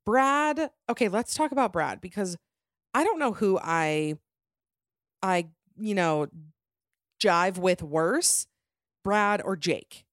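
A young woman hosting a podcast, chatting casually and gossipy with quick self-mocking asides. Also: medium pitch, lively intonation, no echo, studio quality. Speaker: podcast host. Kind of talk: casual chat.

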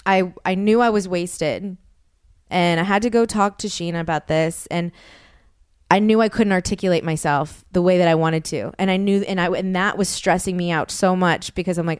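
A woman's voice: fairly low pitch, moderate pace, smooth, no room sound, studio quality. A woman in her thirties hosting a podcast, speaking candidly and emotionally with frequent restarts and self-deprecating laughs. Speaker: podcast host. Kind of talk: candid personal monologue.

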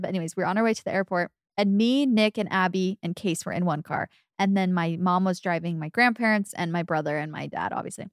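A woman's voice: medium pitch, brisk, few pauses, dry recording. Young woman podcast co-host, chatty storyteller, dry close mic. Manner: chatty storyteller, often acting out her mom's lines. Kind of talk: casual chat.

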